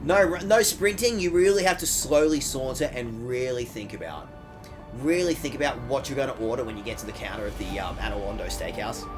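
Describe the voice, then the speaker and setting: Speaking fairly quickly in a mid-range voice, this man streams a game and keeps up a jokey, riffing chat full of swearing and lively moments. Music can be heard behind him.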